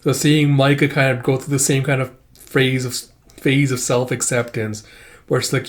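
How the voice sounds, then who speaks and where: A man's voice: medium pitch, little pitch movement, moderate pace. A man talking through his thoughts on a comic book in casual reaction commentary, rambling with heavy filler words and casual swearing. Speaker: comic reviewer.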